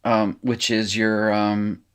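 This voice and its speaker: Low-voiced rambling male Hebrew teacher. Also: level tone, slow pace, smooth. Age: middle-aged. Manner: rambling, self-correcting, talks while writing. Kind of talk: informal recorded lecture, working exercises.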